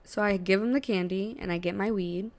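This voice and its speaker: A woman hosting a podcast, telling a story in a slangy, profane, animated casual way. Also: medium pitch, brisk. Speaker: podcast host.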